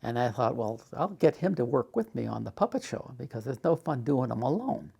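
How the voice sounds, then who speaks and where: An older man casually telling a memoir story, unhurried with frequent "uh" fillers. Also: medium pitch, big pitch swings, vocal fry, dark tone, breathy edge. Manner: unhurried storytelling, many "uh" fillers, acts out quoted dialogue. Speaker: storyteller recounting his life.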